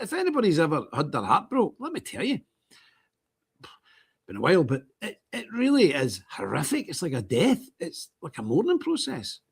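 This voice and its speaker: A middle-aged Irish man with a somewhat high, gravelly voice and a breathy edge talks at a normal speed. He's hosting a church channel's update stream, rambling along casually and animatedly while acting out quoted dialogue.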